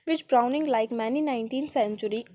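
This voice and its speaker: A woman reading a poetry textbook aloud, pausing over page numbers and titles. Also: a little high, dark tone. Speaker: student reader.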